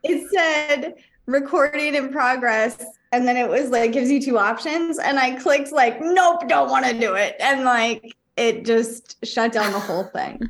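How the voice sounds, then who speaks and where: A woman's voice: high-pitched, a little slow. A woman co-hosting a podcast, chatting casually and laughing at her own mistakes. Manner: chatty, rambling, laughs at herself. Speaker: podcast co-host and psychic medium.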